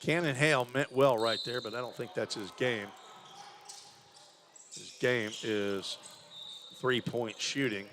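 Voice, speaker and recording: A man's voice: medium pitch, fairly even intonation, takes it slowly, pauses often, noisy background. A man calling college basketball play-by-play in a conversational way, musing aloud about stats and names. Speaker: play-by-play announcer. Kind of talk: live basketball commentary.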